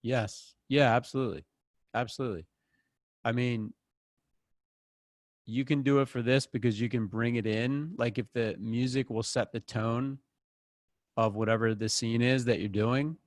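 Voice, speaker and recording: A man teaching an online acting class in a casual, animated way, breaking into voices when he quotes people, speaking close into a microphone. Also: medium pitch, normal speed, pauses often, no echo.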